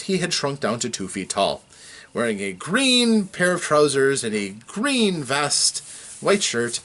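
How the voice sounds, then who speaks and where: A man with a medium-pitched voice, acting as dungeon master, casually recaps a tabletop game session. He tells it with animated chuckles and keeps restarting his sentences.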